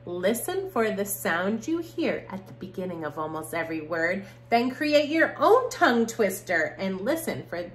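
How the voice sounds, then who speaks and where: A woman teaching preschoolers in a video lesson, slow and sing-song, climbing high on rhymes and praise. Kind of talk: video lesson for young children. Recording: echoey room, faint hum.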